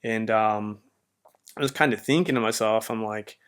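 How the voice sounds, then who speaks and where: A man's voice: fairly low pitch, moderate pace, smooth. A man hosting a podcast, telling his personal faith testimony in a rambling, heartfelt way full of "man" and "you know". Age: adult with a marriage behind him. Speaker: podcast host.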